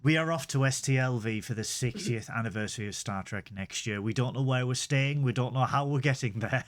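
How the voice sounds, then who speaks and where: A man's voice: medium pitch, a little fast. A young man, co-hosting a podcast in casual chat, rambling with stumbling restarts and comic asides. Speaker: podcast co-host.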